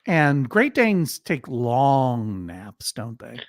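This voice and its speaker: A man's voice: mid-range voice, very animated, drawn-out words, no echo, studio quality. A man hosting a casual online talk show, playful and rambling, with absurd asides. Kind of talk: casual video chat.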